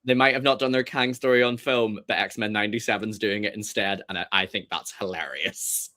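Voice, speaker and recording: A British man on a casual podcast, ranting in an animated way. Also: fairly low pitch, brisk. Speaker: podcast guest. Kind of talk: casual chat.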